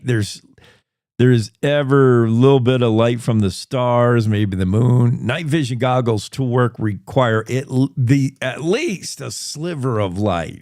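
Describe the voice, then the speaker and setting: A man hosting a talk show, talking in a casual, rambling way and often starting sentences over. He speaks slowly and takes his time. The sound is dry and close, with almost no room echo. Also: mid-range voice, a little mellow. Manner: rambling, chatty, thinks aloud with restarts. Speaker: show host. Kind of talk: casual news chat.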